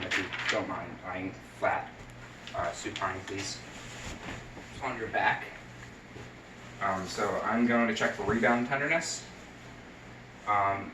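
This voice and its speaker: A man's voice: lowish voice, pushed and bright, a little hiss or hum. A man demonstrating a head-to-toe health assessment, talking through each step with many fillers and restarts. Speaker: nursing student. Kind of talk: narrated clinical skills demonstration. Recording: roomy sound from a distant mic.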